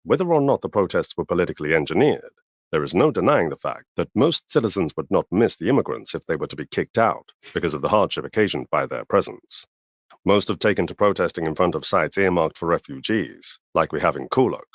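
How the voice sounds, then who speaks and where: A man with a very deep voice reads a scripted news report, formal and steady. The sound is dry and close. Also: brisk, dry recording. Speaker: news narrator.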